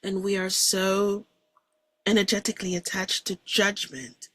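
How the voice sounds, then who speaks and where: Husky, soft-spoken woman. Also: medium pitch, flat delivery, a little slow, no room sound. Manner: soft-spoken, reflective and earnest. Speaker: guest describing a near-death experience. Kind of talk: personal spiritual testimony.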